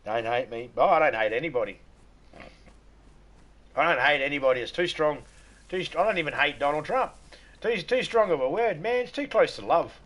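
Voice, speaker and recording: A man's voice: on the high side, expressive, a little fast, long pauses, fairly bright tone. An Australian man from Western Australia chatting casually on a live stream, rambling, joking and laughing often.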